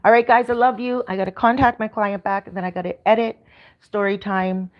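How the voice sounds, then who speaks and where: The audio is dull as this Canadian-accented YouTuber talks briskly on her livestream in a mid-range voice with fairly even intonation. Her casual chat is upbeat and meandering, with frequent ums and false starts.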